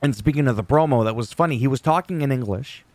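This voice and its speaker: Male vlogger, mid-pitch, loose and digressive wrestling recap, casual swearing. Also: quick pace, a little mellow, dry recording.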